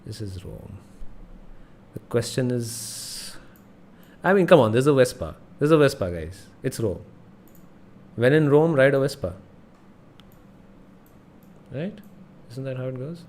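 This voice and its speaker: A man's voice: medium pitch, sing-song, a little slow, long pauses, darkish tone. A man hosting a casual gaming livestream, thinking aloud and muttering as he reads signs under his breath. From India. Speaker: livestream host.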